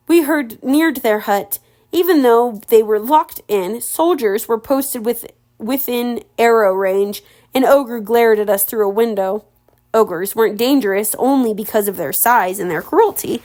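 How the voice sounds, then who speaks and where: A woman reading a storybook aloud for a relative. She keeps it informal, corrects her own slips, and pauses to chat about the story. Her voice sits a little on the high side. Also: darkish tone. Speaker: audiobook reader for a relative. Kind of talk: casual read-aloud with commentary.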